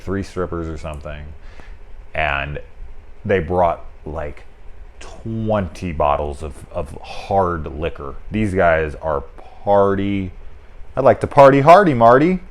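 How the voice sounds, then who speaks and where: A man's voice: a bass voice, slight background noise. A man giving a casual spoken movie review, rambling with lots of filler words and swearing, amused by the film.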